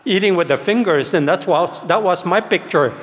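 An older man preaches a testimony, his voice set a little high for a man. He tells the story with animation and acts out his past self. The sound rings with the long reverb of a large hall. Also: moderate pace, a bit bright. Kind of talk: sermon testimony.

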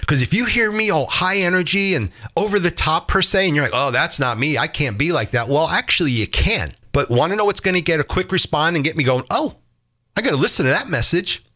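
A man coaching on communication in an interview, lively and emphatic, joking as he explains. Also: high voice, fairly quick. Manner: lively, jokey, emphatic, acts out examples.

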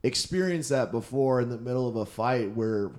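A man's voice: medium pitch, animated, moderate pace, darkish tone. A male comedian in casual conversation, talking candidly and restarting his sentences often. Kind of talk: casual podcast chat.

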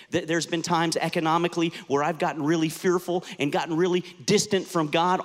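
A pastor in his fifties, born and raised in the United States, preaching an earnest sermon that rises to impassioned intensity. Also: fairly high pitch. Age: 50s. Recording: long hall reverb.

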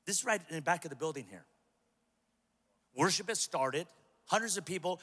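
A male pastor preaching a sermon to a large church, impassioned and humorous, building up to shouts. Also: a little high, lively intonation, a little fast, pauses often, breathy edge. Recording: long hall reverb.

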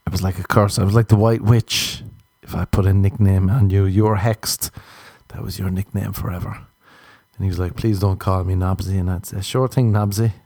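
A man's voice: deep voice, little pitch movement, a little fast, darkish tone, breathy edge, dry recording. A young Irish man rambling through crude, jokey stories in a casual comedic monologue. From Ireland.

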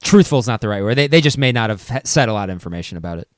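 A man co-hosting a casual sports podcast, earnest and full of halting restarts. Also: fairly low pitch, lively intonation, no echo, studio quality. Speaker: podcast co-host.

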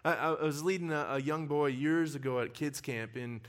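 A male pastor preaching a sermon with personal stories, telling them in an animated way and laughing often. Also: on the high side, a little fast. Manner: animated storyteller who laughs often while talking.

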